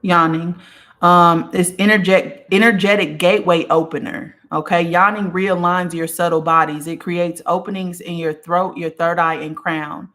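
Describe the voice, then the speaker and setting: Brief: relaxed woman live-stream host, low-pitched, affirming and chatty, reads comments aloud. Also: normal speed. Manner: affirming, repeats "okay" and "period", relaxed and chatty; yawns and sighs now and then. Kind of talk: casual live-stream chat reading viewer comments.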